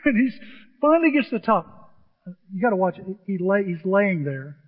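Animated, lively man telling a funny story. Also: high voice, moderate pace, long pauses. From grew up on a farm. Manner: animated, chatty, repeats himself. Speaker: storyteller speaking to an audience. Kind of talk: humorous storytelling talk. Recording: dull, with long hall reverb.

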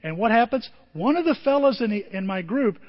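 A man pastor preaching a sermon with emotion, his voice moving from quiet and tender to loud and emphatic. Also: very high voice, expressive, a little fast, long reverb tail, highs cut off. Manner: emotional, swings from soft to emphatic.

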